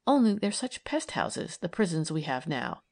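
A woman's voice: low voice, moderate pace, full character voice. Woman voicing an earnest idealistic young woman. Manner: eager, persuasive, animated.

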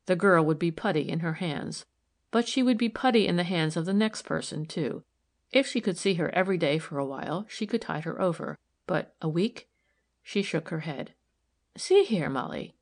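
Brief: female audiobook narrator, low-ish pitch, steady and even. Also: normal speed.

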